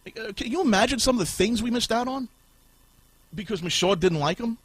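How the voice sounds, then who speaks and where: A man hosting a podcast, ranting furiously and swearing, with shouted bursts. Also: sits high, expressive, brisk, husky, dry recording. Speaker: podcast host. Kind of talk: profane ranting podcast talk.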